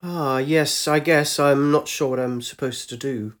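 A man's voice: on the high side, fairly even intonation, unhurried, natural voice. Story reading: male narrator voicing a hesitant young woman, near his own voice, unsure.

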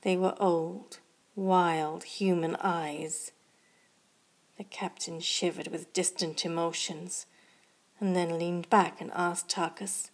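Slow, steady woman story narrator. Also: fairly low pitch. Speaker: podcast narrator and host. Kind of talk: scripted narration.

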